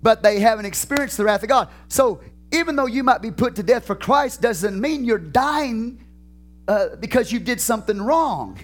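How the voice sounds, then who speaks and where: A man pastor preaching a sermon in a church, fervent and questioning, with shouted peaks and slow drawn-out phrases. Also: very high-pitched, expressive.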